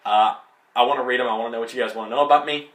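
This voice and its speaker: A young man giving a casual, rambling movie spoiler review as a vlogger, excitable and full of fillers. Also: mid-range voice, very fast, slight background noise. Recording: echoey room.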